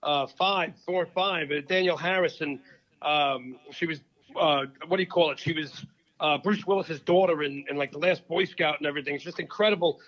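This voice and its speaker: A man's voice: a little high, normal speed. A man chatting as a guest comedian, rambling and jokey as he plugs his work. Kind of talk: casual chat. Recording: dull lo-fi sound.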